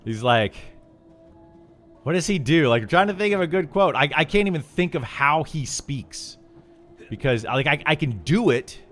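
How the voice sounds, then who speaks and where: A chatty middle-aged man talks while he streams a game, wandering from topic to topic. He restarts his sentences and fills gaps with ums and uhs. Faint music plays quietly in the background. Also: a little high, expressive, moderate pace. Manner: rambling, chatty, with many fillers and restarts. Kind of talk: casual chat while streaming.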